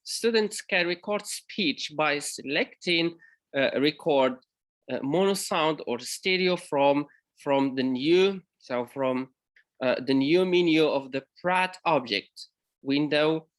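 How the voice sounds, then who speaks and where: This fairly high-pitched man, a university lecturer from Morocco, delivers a conference talk in a hesitant manner, stopping often and revising what he's said.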